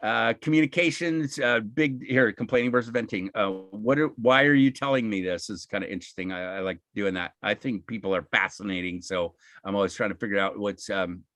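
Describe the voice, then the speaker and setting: A man's voice: fairly low pitch, brisk, a bit bright, dry recording. A man giving an informal, encouraging webinar talk over a video call, often acting out what people say. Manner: conversational, encouraging, acts out quoted speech.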